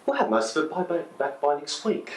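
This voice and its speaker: An actor playing a smooth-talking man who has lost his partner's money, brushing it off glibly. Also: on the high side, huge pitch swings, fairly quick, reverberant, slight background noise. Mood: placating. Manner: glib, placating. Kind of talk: drama scene.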